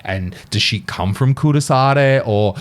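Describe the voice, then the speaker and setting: A man hosting a casual studio podcast, telling stories in an animated, swearing-laced way. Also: mid-range voice, unhurried. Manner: animated storytelling, swearing freely. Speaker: podcast host.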